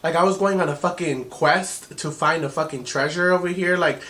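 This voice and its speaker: A young man telling a storytime vlog in an animated, profane way, mixing Spanish phrases into his English. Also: on the high side, moderate pace, noisy background. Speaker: vlogger.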